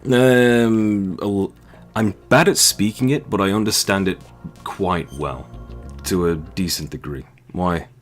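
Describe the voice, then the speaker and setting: A man's voice: deep voice, a little slow, faint music behind. A man with a sore, dry throat, joking and rambling crudely while playing a video game. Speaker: game streamer. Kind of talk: casual let's-play commentary.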